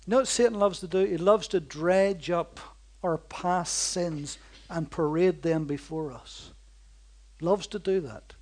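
His sermon comes in bold, dynamic waves, delivered in a strikingly high voice that climbs to loud outbursts and then sinks to slow, near-whispered lines. Repeated phrases give the preaching a steady, insistent rhythm.

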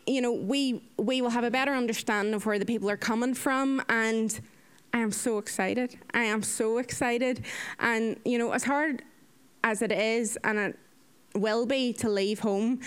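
A young woman giving an earnest personal faith testimony as a mission volunteer, telling her story with animation. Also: clean tone. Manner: earnest, animated storytelling, acts out quotes in a higher voice.

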